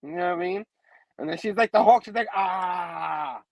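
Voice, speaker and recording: A man's voice: high voice, fast talker, a little mellow, low-quality recording. A man hosting a casual comic book review show, laughing often and saying "you know what I mean" again and again. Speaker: host.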